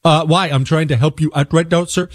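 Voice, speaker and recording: A man's voice: fairly high pitch, steady tone, a little fast, dry recording, clean studio sound, voice pushed up, close to an everyday voice. A man voicing a flustered male call-center worker who stumbles and repeats himself. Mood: pleading.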